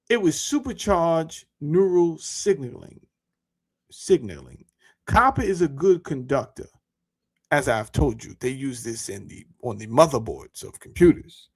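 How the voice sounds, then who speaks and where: A man talking casually to his viewers as a YouTuber, animated and full of rhetorical questions and slang. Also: on the high side, unhurried, husky. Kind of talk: casual monologue to camera.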